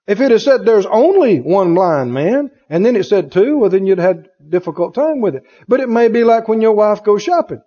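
A man delivers a folksy sermon, his high voice swooping up and down as he acts out the people in his stories. His tone is husky and mellow. The recording is dull and lo-fi, with the long reverb of a church sanctuary. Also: animated, moderate pace. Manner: folksy storytelling with laughs and quoted voices. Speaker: pastor. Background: congregation answering amen.

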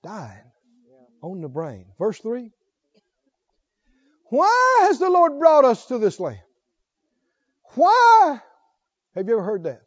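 A man's voice: very high-pitched, huge pitch swings, slow pace, long pauses, highs cut off. A man preaching a sermon, reading scripture aloud and calling questions out to his congregation. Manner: calls out questions to the congregation, reads scripture aloud with rising fervor.

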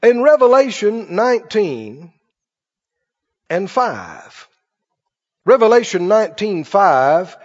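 A man preaching with a high, lively voice that swoops up and down as he tells folksy stories to his congregation. The recording is dull and lo-fi, and his voice rings in a long hall reverb. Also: slow, pauses often. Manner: folksy storytelling, asks the congregation "Right?". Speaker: pastor. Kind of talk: sermon.

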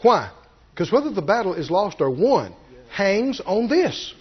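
Lively high-pitched preacher, unhurried. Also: male voice, breathy edge, lo-fi sound. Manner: animated, swinging from low asides to shouted high peaks; folksy, jokes with the congregation. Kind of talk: sermon.

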